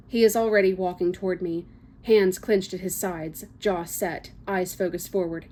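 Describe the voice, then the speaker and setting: A woman's voice: on the low side, fairly even intonation, moderate pace, darkish tone. A woman reading a first-person novel excerpt aloud, with small slips and casual asides. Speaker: book reader.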